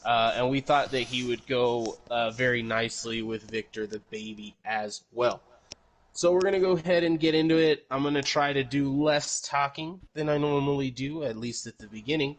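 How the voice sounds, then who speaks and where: A man's voice: mid-range voice, moderate pace. Rambling casual male podcast host. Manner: rambling, self-correcting, swears casually.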